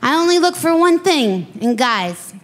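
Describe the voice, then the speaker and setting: A woman's voice: sits high, sing-song, a little slow. A woman doing stand-up with a dry, matter-of-fact delivery. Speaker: stand-up comedian. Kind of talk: stand-up set. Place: comedy club stage.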